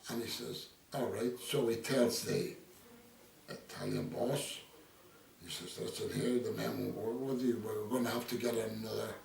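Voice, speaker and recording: A man's voice: on the low side, fairly even intonation, normal speed, creaky, darkish tone. An older Irish man being interviewed, telling rambling stories full of quoted dialogue. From Ireland. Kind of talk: casual storytelling. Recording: echoey room, distant mic, faint ambience.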